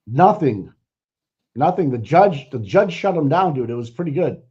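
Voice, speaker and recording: A man's voice: a little high, animated, moderate pace, a crowd in the background. A man with a Boston accent co-hosting a casual livestream, rambling and opinionated, with lots of fillers and easy laughter. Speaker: livestream co-host. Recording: dull lo-fi stream audio.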